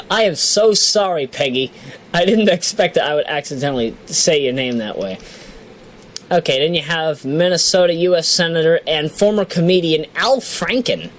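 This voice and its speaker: A woman's voice: low voice, lively intonation, moderate pace, rough recording. A woman vlogger chatting casually as she reads down a list, joking at her own expense and apologizing for her mispronunciations. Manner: chatty, self-deprecating, giggly, apologizes for mispronunciations. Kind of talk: casual solo commentary, reading down a list.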